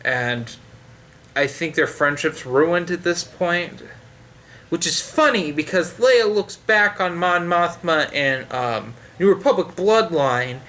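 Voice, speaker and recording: A man's voice: fairly high pitch, animated, takes it slowly, fairly bright tone. A man giving a sarcastic, profanity-heavy book review in a loose, rambling way, full of fillers and restarts. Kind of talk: ranting casual review.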